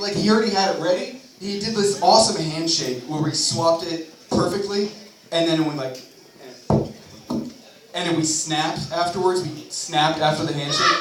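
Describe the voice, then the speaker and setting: A young man with a fairly high voice does a rambling, profane stand-up set at a bar open mic, peppering it with self-mocking asides. A distant camera captures him in an echoey bar with plenty of background noise.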